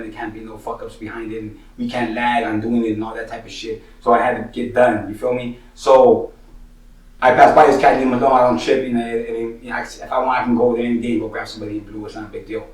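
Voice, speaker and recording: A man's voice: medium pitch, darkish tone. A man from San Jose, telling his own street stories in profane slang and filling his talk with "you know what I'm saying" and "money.". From San Jose, Northern California. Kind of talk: casual street storytelling. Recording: roomy, distant mic.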